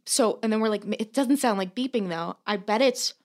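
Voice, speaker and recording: Young female podcast co-host, slightly high voice, animated, filler-heavy storyteller. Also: brisk. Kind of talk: casual chat, telling a long anecdote.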